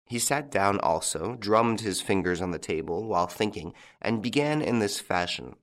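A man narrating a classic detective story as an audiobook, in a measured storytelling manner. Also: lowish voice, animated.

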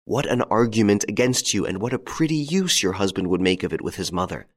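A bold gentleman rescuer who speaks firmly and persuasively, giving his word, as a man reads him in a storybook. The voice sits low and steady. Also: fairly quick. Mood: insistent.

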